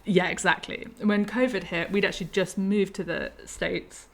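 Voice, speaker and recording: A woman in her thirties hosting a conversation, thoughtful and quick to laugh. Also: medium pitch, fairly even intonation. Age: 30s. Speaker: podcast host. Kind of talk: reflective conversation.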